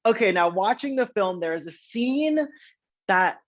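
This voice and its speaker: Man, showbiz interviewer, playful, excitable, very lively melody, muffled lo-fi sound. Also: sits high, unhurried. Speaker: entertainment interviewer. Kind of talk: casual interview chat.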